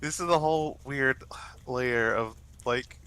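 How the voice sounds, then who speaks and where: A man's voice: mid-range voice, takes it slowly, bright, forceful tone, clear, resonant tone, rough recording. A man with a stuffy, congested nose, rambling casually with lots of fillers while gaming with friends. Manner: rambling, many fillers and restarts. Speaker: let's play host.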